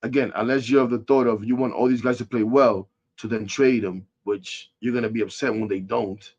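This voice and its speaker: A man rants about his team on a sports podcast, frustrated and animated. His mid-pitched voice jumps from loud outbursts to low muttering. The recording sounds dull and lo-fi. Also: a little fast. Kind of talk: casual sports rant.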